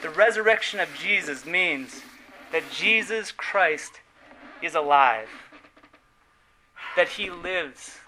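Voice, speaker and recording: Man, sermon, high voice, very bright and forceful, earnest, emphatic, soft trailing endings. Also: lively intonation, slow pace, long pauses, a little hiss or hum, poor audio. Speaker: preacher.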